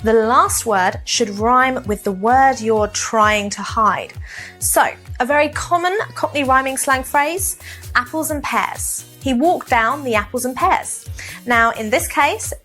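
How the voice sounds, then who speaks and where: A woman teaches to camera, her voice sitting a little high. She explains each point in a clear and measured way. Faint music plays quietly behind her. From south of England. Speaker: English teacher. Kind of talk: scripted lesson to camera.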